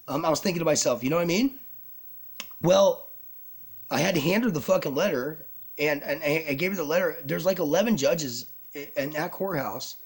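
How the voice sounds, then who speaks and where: A man's voice: sits high, animated, quick pace. A man telling a personal story on camera in an agitated, rambling way, swearing a lot and restarting his sentences. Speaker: vlogger.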